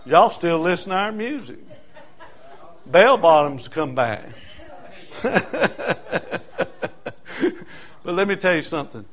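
A man's voice: on the high side, lively intonation, moderate pace. An older man preaching a sermon, impassioned and folksy, building on rhythmic repetition.

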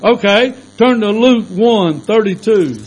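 A man's voice: high voice, slow, poor audio. A man preaching a sermon with fervent rhetorical questions and repeated calls of amen.

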